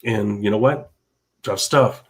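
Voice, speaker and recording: A podcast host with a somewhat low voice speaks slowly, delivering a motivational monologue that is emphatic, repetitive, and preachy in tone.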